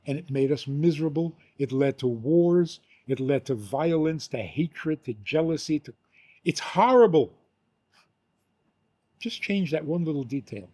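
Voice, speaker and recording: An older man, a rabbi, teaching with an animated story, acting out the quotes and laughing often. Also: a little high.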